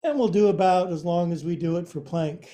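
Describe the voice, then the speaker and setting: A man's voice: high voice, brisk, dark tone. A man teaching a yoga class, giving cues in a playful, joking way with silly sound effects.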